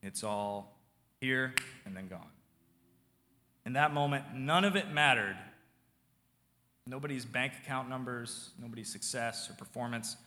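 Pastor, male; casual sermon delivery that drops from loud to near-quiet; bright tone, reverberant hall. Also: mid-range voice, measured pace, pauses often, slight background noise. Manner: conversational preaching, swings from loud to hushed.

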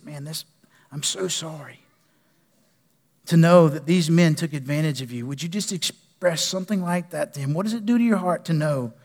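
A male pastor preaching with passion, his fairly high voice rising in fervent appeals and falling to a hushed plea. A long reverb trails each phrase, as in a church sanctuary. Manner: impassioned preaching that drops to soft, prayerful pleading. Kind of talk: sermon.

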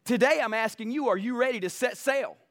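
A man's voice: very high-pitched, fairly quick. A male pastor preaching a sermon emphatically, building passion. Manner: emphatic, building passion, mocks soft quotes.

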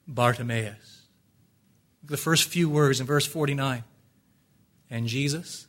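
Bright, forceful preacher swinging loud to hushed. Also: male voice, mid-range voice, slow, long pauses. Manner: dramatic swings from loud declarations to hushed pleading. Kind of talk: sermon.

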